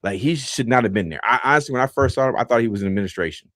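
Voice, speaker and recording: A man's voice: mid-range voice, rapid-fire, a bit bright, dry recording. A man hosting a podcast, telling a laid-back, rambling story with many fillers, close to the mic. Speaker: podcast host. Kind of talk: casual storytelling.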